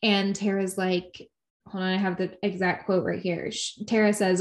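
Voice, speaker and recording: A woman's voice: mid-range voice, little pitch movement. Chatty woman recapping a show. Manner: chatty, quick, laughs often, quotes characters. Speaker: podcast co-host. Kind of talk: casual recap chat.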